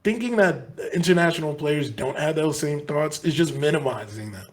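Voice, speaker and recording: A man's voice: a little high, expressive, moderate pace. A man co-hosting a sports podcast, talking casually in long, earnest, rambling stretches full of restarts. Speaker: podcast co-host.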